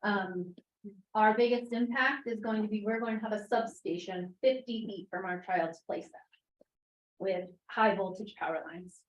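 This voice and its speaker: A woman's voice: medium pitch, normal speed, lo-fi sound. Emotional woman at a town meeting. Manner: emotional, voice breaking into tears. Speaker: resident speaking at public comment. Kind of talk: public comment at town meeting. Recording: echoey meeting room, distant mic.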